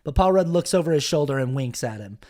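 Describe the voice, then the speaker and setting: Upbeat man recapping a movie. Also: quick pace. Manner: animated retelling, jumps into high voices for quoted characters. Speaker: podcast co-host. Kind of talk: casual movie recap chat.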